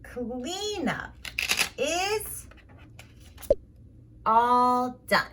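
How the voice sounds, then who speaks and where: A woman's voice: sits high, lively intonation, very slow, long pauses, sharp tone. A woman speech therapist narrating toy play for toddlers, with simple repeated words and an exaggerated sing-song delivery.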